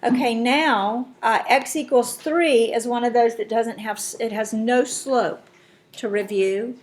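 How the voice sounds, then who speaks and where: Woman math teacher, higher voice, patient step-by-step explainer. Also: fairly even intonation, a little slow. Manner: explains step by step, checks in with students. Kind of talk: classroom lesson.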